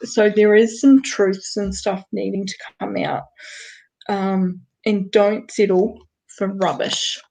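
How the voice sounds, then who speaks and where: A woman's voice: medium pitch, steady tone, slow pace, creaky, a little mellow, rough recording. A woman with a New Zealand accent giving card readings to viewers in a chatty, direct way, firing off rhetorical questions. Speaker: card reader. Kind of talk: live-stream card reading.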